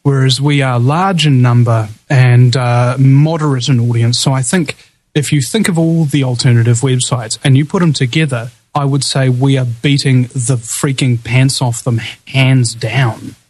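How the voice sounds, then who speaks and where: A man's voice: medium pitch, fairly even intonation, moderate pace, a little mellow, low-quality recording. Kiwi-accented male talk radio host. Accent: New Zealand. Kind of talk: live talk radio chat.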